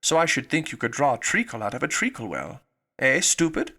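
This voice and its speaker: A man's voice: mid-range voice, big pitch swings, moderate pace, gravelly, sharp tone, heavily acted. A man voicing a rude, quibbling eccentric man in a storybook reading. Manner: brusque, triumphant retorts.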